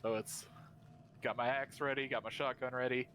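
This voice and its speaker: A man's voice: medium pitch, level tone, moderate pace, a bit bright, slight background noise. A man playing a tabletop game with friends, casual and swearing freely. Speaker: player.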